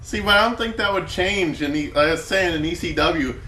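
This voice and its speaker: A man's voice: on the high side, fairly quick, sharp tone, echoey room, slight background noise. A man co-hosting a podcast in casual chat, chiming in with short, laid-back remarks. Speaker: podcast co-host.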